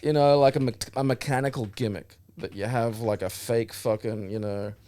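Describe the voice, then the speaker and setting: A man's voice: medium pitch, moderate pace. A man with an Australian accent, co-hosting a podcast in casual, rambling, sweary chat. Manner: sweary, rambling, animated storytelling. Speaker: podcast co-host.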